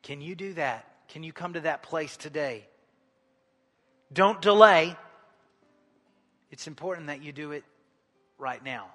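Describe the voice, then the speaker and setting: Male pastor, sermon delivery, hushed then forceful, long reverb. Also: on the high side, moderate pace, faint music behind. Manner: swings from hushed appeals to loud exhortation. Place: large church sanctuary.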